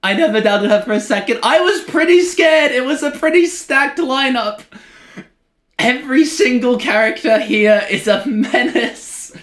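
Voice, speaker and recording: Streamer, live game commentary, excitable, chatty with viewers, unhurried, echoey room. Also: high voice.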